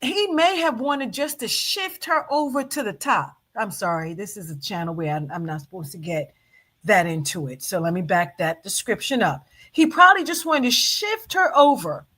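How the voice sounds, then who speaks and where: A woman's voice: mid-range voice, normal speed. A woman hosting a casual live stream, teasing and commenting on a video clip while greeting her chat. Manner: animated, teasing, talks back at the clip and the chat. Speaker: show host reacting to a video clip.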